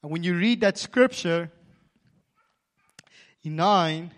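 A man preaching a sermon, telling stories animatedly and swinging from quiet, intimate moments to emphatic passages. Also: high voice, slow. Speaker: pastor.

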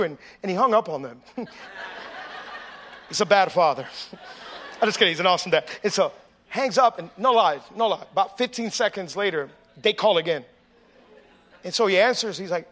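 A man delivers a sermon in a notably high, bright voice. He talks to the congregation in a conversational, storytelling way, then builds to loud, emphatic preaching. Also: fairly quick. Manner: conversational storytelling with audience asides. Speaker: pastor.

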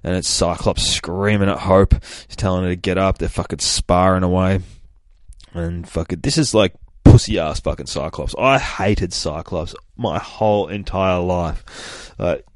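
A man's voice: deep voice, unhurried, no room sound. A man hosting a comic podcast, recapping an issue in a rambling, profane, casual way. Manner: profane, rambling, swears constantly.

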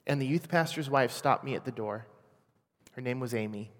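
A man in his forties from Washington state, sharing a personal testimony in an earnest, quiet, emotional way. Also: mid-range voice, moderate pace. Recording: long hall reverb.

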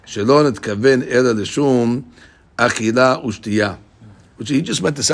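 A man leads a Talmud study class, animatedly explaining the text and voicing both sides of the argument as quoted dialogue. His voice sits at medium pitch with a moderate pace.

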